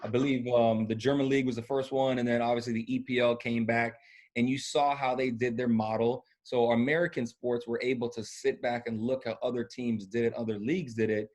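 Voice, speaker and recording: A man's voice: medium pitch, little pitch movement, brisk, a little mellow. A young man talking casually as a podcast guest, telling loose, slangy stories with plenty of fillers. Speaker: podcast guest, former college football punter. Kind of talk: casual chat.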